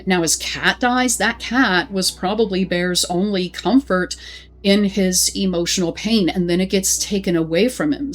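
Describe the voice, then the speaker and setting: A woman explaining a horror film in a measured, scripted commentary. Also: on the low side.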